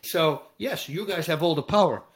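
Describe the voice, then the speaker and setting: Lively, emphatic man with roots. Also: fairly high pitch, normal speed. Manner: lively, emphatic, acts out quotes with sound effects. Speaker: guest. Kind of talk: animated storytelling interview.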